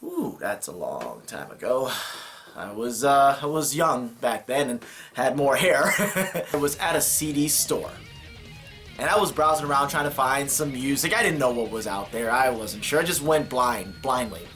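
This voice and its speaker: An enthusiastic man talks in a casual monologue to camera. His voice is lively and full of pitch swings, with a playful edge. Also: moderate pace, faint music behind. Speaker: vlogger.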